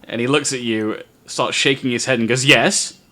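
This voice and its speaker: Man, game master, bright voice, relaxed halting narration. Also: mid-range voice.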